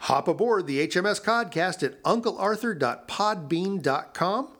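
A man's voice: sits high, lively intonation, unhurried, a bit bright, soft background music. A man hosting a podcast, making chatty announcements with small asides. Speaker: podcast host.

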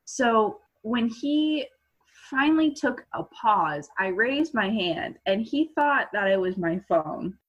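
A teenage girl telling a funny school story as a podcast guest, animated and laughing as she talks. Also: fairly high pitch, slow pace. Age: teens. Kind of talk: casual storytelling. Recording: muffled lo-fi audio.

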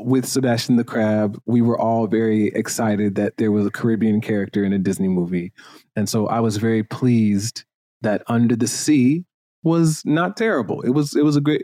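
The host is a Jamaican man with a mid-range voice, recorded cleanly in a studio without room sound. Chatting casually on his podcast, he gives strong, animated opinions full of fillers.

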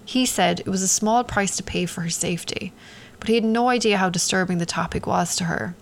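A woman tells a true-crime story with a gravelly, creaky edge to her voice. Her pitch sits in the middle, and she reads at a measured pace, slowing down for the dramatic beats. Now and then she breaks off to comment on the story. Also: slight background noise. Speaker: narrator and commentator.

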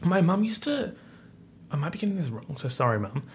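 A man's voice: fairly high pitch, sing-song, a little fast, a little hiss or hum. A young man from Perth, hosting his podcast with a chatty, campy update full of slang and self-mockery. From Perth, Australia. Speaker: podcast host. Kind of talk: casual update chat.

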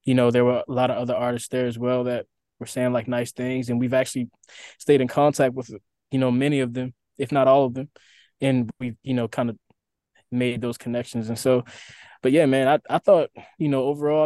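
A young man in a mid-range voice answers in a relaxed, rambling way. The recording is dry and close. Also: medium pitch, brisk, no echo. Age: young adult. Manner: relaxed, rambling, lots of fillers. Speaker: band member, guest. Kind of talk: casual interview answers.

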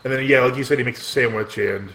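A man's voice: mid-range voice, quick pace, a bit bright. A man co-hosting a casual podcast chat about a TV show, chatty and often repeating words as he starts sentences. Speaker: podcast co-host.

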